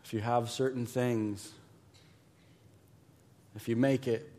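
A man preaching a sermon as pastor, emphatic and repetitive, dropping to a hush and then rising loud. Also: mid-range voice, level tone, slow. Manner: emphatic, repeats words, swings from hushed to loud.

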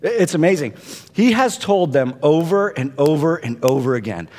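Male pastor, fairly high voice, dynamic sermon delivery swinging between loud and hushed, long reverb. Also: big pitch swings, normal speed. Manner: dynamic preaching, rising to intense peaks and dropping to hushed tones.

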